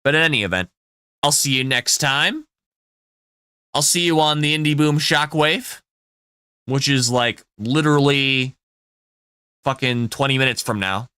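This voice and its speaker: Bright-voiced casual male streamer. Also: mid-range voice, measured pace, long pauses, smooth, dry recording, clean studio sound. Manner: loose and profane, with frequent ums and restarts. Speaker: game streamer. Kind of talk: casual live-stream chat.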